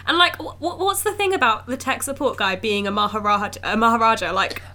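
A woman's voice: on the high side, a little fast, sharp tone. A young woman talking frankly and casually as a film podcast co-host, with plenty of "like" fillers. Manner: chatty, frank, lots of "like" fillers. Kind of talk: casual chat.

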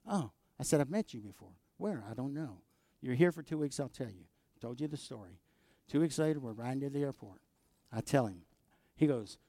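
Man, pastor's sermon, gravelly, mid-pitched, swings loud and soft. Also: expressive, fairly quick, no room sound. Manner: preaching with call-and-response asides, swinging between loud and quiet.

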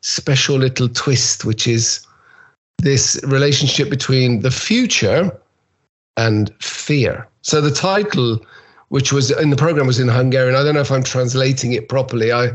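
Relaxed man, guest on a video call. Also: mid-range voice, normal speed. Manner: relaxed, laughs easily, thinks aloud. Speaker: guest keynote speaker. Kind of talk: casual interview chat.

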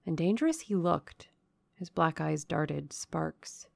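Slow, gravelly woman narrating a novel. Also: low-pitched, darkish tone, dry recording, clean studio sound. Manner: measured, dramatic reading. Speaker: audiobook narrator. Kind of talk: scripted narration of a classic novel.

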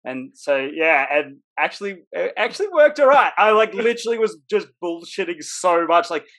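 Young man, slightly high voice, casual chat, laughs a lot. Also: animated, normal speed, fairly bright tone. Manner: laughing storyteller. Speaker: podcast guest.

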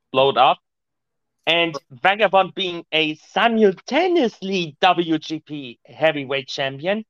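A man's voice: high-pitched, dry recording. A man, a podcast guest talking in slightly broken English, rambling casually. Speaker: podcast guest, show owner. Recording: dull lo-fi mic.

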